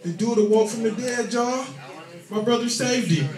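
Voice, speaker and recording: A man doing a profane, animated stand-up comedy set on a club stage, with shouted punchlines. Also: very high voice, moderate pace. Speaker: stand-up comic. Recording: echoey club audio recorded from a distance. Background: loud crowd laughter.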